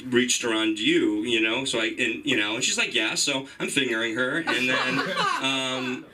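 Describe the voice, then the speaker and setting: A young man from Iran doing a rambling stand-up set at an open mic, jumping into high, excited voices when he quotes people. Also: normal speed, very noisy. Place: comedy club stage. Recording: distant mic in a club room with audience. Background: audience laughing.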